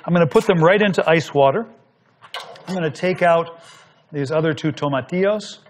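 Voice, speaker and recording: Fairly high-pitched and speaking at a normal speed, a man hosts a cooking demonstration over a bit of hiss or hum. He walks through each step easily and instructively while he works.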